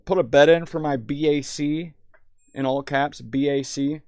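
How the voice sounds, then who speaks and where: Gravelly young man rambling on stream. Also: fairly high pitch, steady tone, measured pace, a little mellow, dry recording. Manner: profane, rambling, reads chat aloud. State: tipsy. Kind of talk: rambling live-stream chat.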